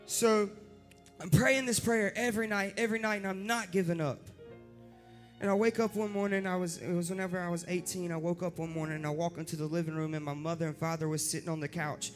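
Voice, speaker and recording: A young man preaching his personal testimony in an earnest manner that builds to impassioned shouting. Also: high-pitched, fairly even intonation, quick pace. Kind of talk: testimony sermon. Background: faint instrumental music.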